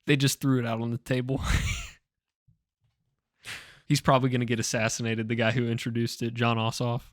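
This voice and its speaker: A man's voice: mid-range voice, level tone, fairly quick, dry recording, clean studio sound. Joking young man podcast co-host. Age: young adult. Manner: joking, jumps between wild ideas, laughs often. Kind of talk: casual chat.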